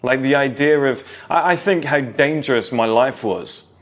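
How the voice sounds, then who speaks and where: A man's voice: mid-range voice, moderate pace. A man in his thirties speaks straight to camera in a casual, nostalgic monologue. He addresses younger viewers directly, recalling his own childhood with a lecturing edge. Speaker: vlogger.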